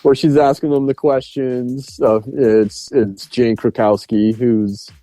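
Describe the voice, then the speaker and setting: A man's voice: mid-range voice, little pitch movement, slow pace, warm tone, dry recording. A man co-hosting a podcast, rambling through movie scenes in casual chat with lots of fillers. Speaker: podcast co-host. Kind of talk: casual film review chat.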